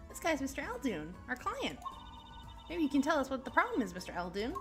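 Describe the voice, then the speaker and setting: Woman putting on a bubbly teen girl, chatty, bright, lively pitch. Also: a little fast, over music, exaggerated voice. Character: cheerful teenage girl magician assistant.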